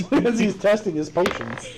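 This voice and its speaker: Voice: medium pitch, expressive, slow pace, very noisy. A person running a tabletop game as game master, teasing the players and often giggling. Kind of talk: casual game narration and chat.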